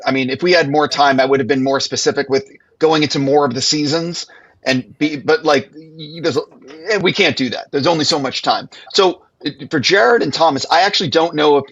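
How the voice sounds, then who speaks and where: A man's voice: fairly high pitch, a bit bright. A man hosting a live panel Q&A, asking long, winding questions over a video call. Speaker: Q&A host. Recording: dull lo-fi call audio.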